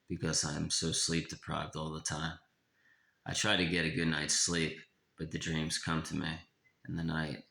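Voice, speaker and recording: A man reading his own personal memoir aloud in a somber, confessional way, slowing down in places, in an echoey room. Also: rumbling low, gravelly, pushed and bright.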